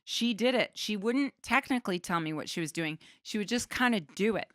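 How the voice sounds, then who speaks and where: A woman from Canada, a guest artist on a podcast, talking in an animated, casual way. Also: mid-range voice, a little fast, dry recording, clean studio sound. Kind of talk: casual interview chat.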